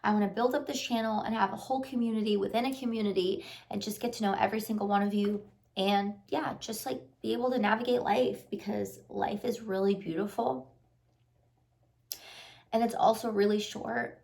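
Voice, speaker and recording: A woman's voice: mid-range voice, steady tone, fairly quick, creaky, darkish tone. A woman vlogger giving a casual, earnest motivational talk to the camera, repeating her encouragements with lots of "like" fillers. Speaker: lifestyle vlogger and life coach.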